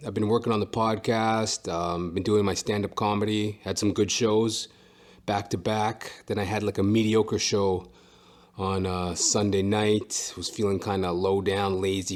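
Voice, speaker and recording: Rambling, profane man with a low voice. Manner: rambling and profane, with many fillers and asides. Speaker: podcast host and stand-up comedian. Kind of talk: casual solo monologue.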